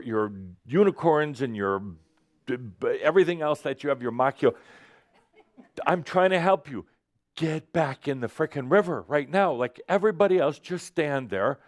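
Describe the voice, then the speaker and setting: A man voicing a panicked, nagging human mind that scolds in rapid-fire questions. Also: fairly high pitch, darkish tone, no room sound, studio quality, voice pushed up, lightly acted.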